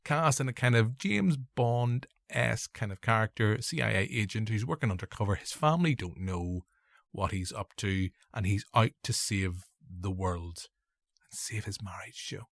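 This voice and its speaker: A man's voice: on the low side, moderate pace, gravelly, fairly bright tone, no room sound, studio quality. A man with a Northern Irish accent hosting a casual film review podcast, rambling and joking at his own expense. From Northern Ireland. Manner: rambling, jokey, self-deprecating. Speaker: podcast host.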